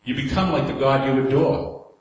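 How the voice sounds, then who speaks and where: A man's voice: mid-range voice, normal speed, a little mellow. A man with a New York accent preaching a sermon in a conversational way, putting rhetorical questions to the congregation. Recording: very echoey hall, faint room noise.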